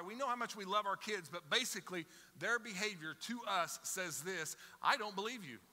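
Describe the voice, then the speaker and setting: A middle-aged man preaching a sermon to his church, conversational and animated, acting out little scenes as he goes. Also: high voice, big-room sound. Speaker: pastor. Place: church sanctuary with congregation.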